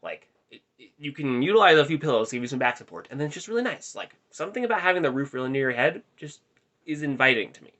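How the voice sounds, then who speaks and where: A man's voice: medium pitch, sing-song, fast talker, pushed and bright, dull audio. A young man telling a rambling, self-deprecating story in a casual vlog, recorded in his bedroom. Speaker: vlogger.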